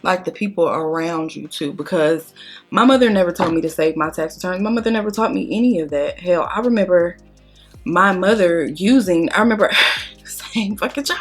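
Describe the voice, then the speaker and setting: A woman's voice: fairly low pitch, normal speed, slightly rough, faint music behind. A woman vlogger talking casually while doing her makeup, telling her story bluntly with lots of cursing and strong emotion. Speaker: beauty vlogger.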